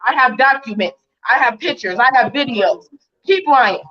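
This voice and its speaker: A woman's voice: a little high, lively intonation, normal speed. A woman giving a heated interview on a livestream, defiant and indignant, firing off rhetorical questions. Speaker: interview guest. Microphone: video call. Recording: muffled lo-fi stream audio.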